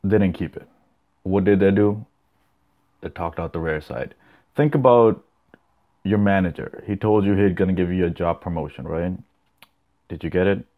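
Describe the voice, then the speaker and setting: A man's voice: deep voice, normal speed, long pauses, narrow, tinny audio. A young man hosting his own podcast, chatting loosely and swearing a lot as he rambles and reacts to clips. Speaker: podcast host. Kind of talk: casual solo podcast chat.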